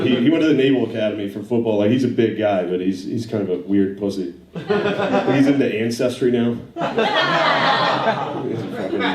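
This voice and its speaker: A man doing stand-up, telling a long profane story in a loose, laughing way before a live audience. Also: medium pitch. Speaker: stand-up comedian. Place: large studio theater with live audience. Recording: roomy hall, distant mic, loud audience laughter.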